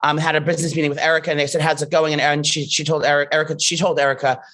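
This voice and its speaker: A young man with a high voice and a quick, rushing pace co-hosts a podcast. He tells stories in a campy, flamboyant way and plays up the drama. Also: flat delivery, a bit bright. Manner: campy, flamboyant storytelling, calls himself Nana. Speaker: podcast co-host. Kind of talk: casual chat.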